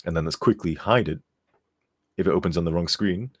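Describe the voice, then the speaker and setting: A man's voice: deep voice, a little fast, slightly rough. A tired man streaming as a game modder, rambling and chuckling as he reads chat aloud, sometimes turned away from his desk mic. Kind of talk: casual live-stream chat.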